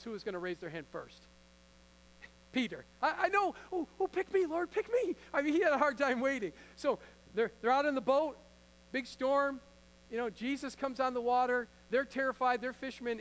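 High-voiced man preaching earnestly. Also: a bit bright, rough recording. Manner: earnest, conversational, acts out Bible figures. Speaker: pastor. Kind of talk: sermon. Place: church before a congregation.

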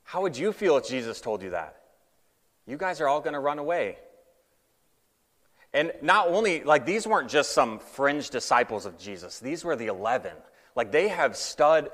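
A man gives a relaxed, conversational sermon and slips into the voices of the people he quotes. His speech is full of fillers. It is recorded in a hall with a long, ringing reverb. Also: mid-range voice, normal speed. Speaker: preacher. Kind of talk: casual sermon.

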